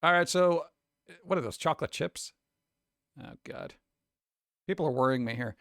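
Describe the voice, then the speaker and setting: A man's voice: on the high side, moderate pace, fairly bright tone, no echo, clean studio sound. Sarcastic New York man chatting. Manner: sarcastic, mock-exasperated, thinks aloud. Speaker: streamer host. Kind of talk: casual livestream chat reacting to chat.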